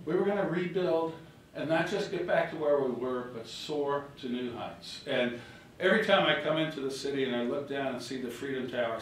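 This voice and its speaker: A man's voice: mid-range voice, a little hiss or hum. An older man, a former governor, giving a political speech full of anecdotes and acted-out quotes. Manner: storytelling, animated, acts out quotes. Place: hotel ballroom reception. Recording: echoey ballroom from far off.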